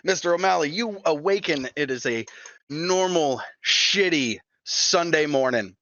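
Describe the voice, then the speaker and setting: A man's voice: a little high, lively intonation, a little slow, bright, forceful tone, dull audio, a little hiss or hum. A man running a tabletop game as game master, rambling loosely and swearing as he narrates.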